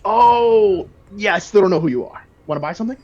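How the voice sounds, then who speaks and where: Man putting on a pushy half-elf shopkeeper, salesy, lively swoops, dull lo-fi chat audio. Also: sits high, fairly quick, pitched above the performer's own voice. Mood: eager. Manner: excited, salesy, exclaiming. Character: eager pushy male half-elf weapon merchant.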